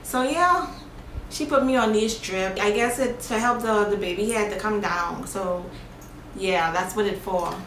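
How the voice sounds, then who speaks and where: A woman vlogger telling a personal story in a casual, animated, plain-spoken way. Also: medium pitch, a little slow. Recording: echoey room, faint background noise.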